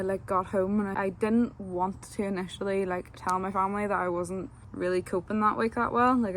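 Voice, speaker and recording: A woman's voice: medium pitch, slight background noise. A young woman, telling a casual, rambling vlog story full of fillers. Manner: chatty, rambling, lots of fillers. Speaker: vlogger.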